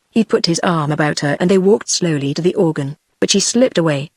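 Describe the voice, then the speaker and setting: A text-to-speech voice reading a novel aloud as narrator, in an even, machine-read delivery. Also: medium pitch, brisk, few pauses, dry recording, studio quality. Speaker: audiobook narrator.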